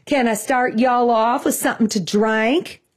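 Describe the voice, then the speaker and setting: A woman voicing a cheerful male waiter in his forties who puts on a thick Southern accent, speaking slowly and overly friendly. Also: extremely high pitch, steady tone. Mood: drawling, friendly. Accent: put-on Southern US. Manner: slow, drawn-out, overly friendly.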